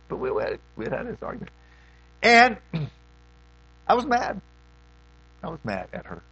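A folksy middle-aged preacher, his somewhat high voice rising and falling widely as he moves from loud questions to hushed asides. A mains hum runs low under the sermon. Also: dry recording, highs cut off.

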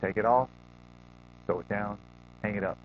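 A man voicing a quiet, stern older kung fu master who gives low, hushed commands over and over, in a dull lo-fi recording. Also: moderate pace, a little hiss or hum, close to an everyday voice.

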